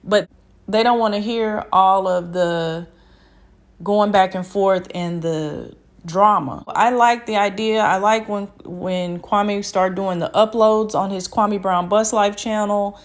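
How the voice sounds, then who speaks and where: Calm woman giving reflective commentary. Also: mid-range voice, takes it slowly. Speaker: channel host and commentator. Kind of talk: commentary to camera.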